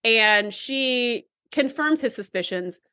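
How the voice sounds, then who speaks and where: A woman's voice: fairly high pitch, animated, sharp tone, clean tone, dry recording, clean studio sound. A woman co-hosting a podcast in casual chat, often acting out characters' lines as she recaps. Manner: chatty, quotes characters in quick re-enactments. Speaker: podcast co-host.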